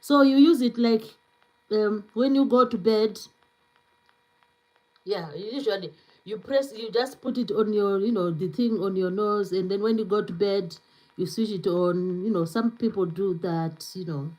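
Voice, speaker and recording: A woman's voice: medium pitch, unhurried, darkish tone, poor audio. A woman hosting a live stream in a casual, chatty way with lots of fillers, speaking English with an accent. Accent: non-native English accent. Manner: chatty, many fillers, reads viewer comments aloud. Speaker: livestream host.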